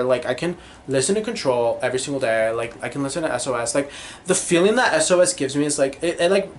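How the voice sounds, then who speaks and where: A man's voice: medium pitch, a little hiss or hum. A young man hosting a podcast, rambling through a casual monologue full of tangents, fillers and giggles. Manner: tangent-prone, giggly, animated, lots of fillers. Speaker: podcast host.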